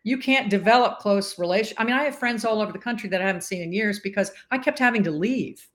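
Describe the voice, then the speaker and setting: A woman in her sixties, a podcast guest, telling stories in a lively interview chat and acting out what others said. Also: medium pitch, fast. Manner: animated storyteller who acts out quoted voices.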